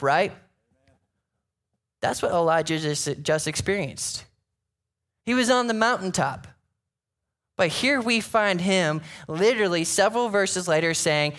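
High-voiced pastor preaching conversationally. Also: male voice, a little slow, pauses often. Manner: conversational preaching, frequent "right?" asides, animated retellings. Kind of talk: sermon.

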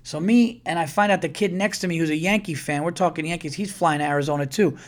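Talking fast in a slightly high voice, this podcast host spins a story in casual monologue. He voices other people's lines, swears freely, and repeats words whenever he gets excited.

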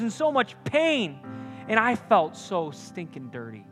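A young man preaching a sermon to a campus group. He speaks earnestly and directly, moving between loud punchy lines and quiet confiding ones. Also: high voice, wildly swooping pitch, moderate pace, soft background music.

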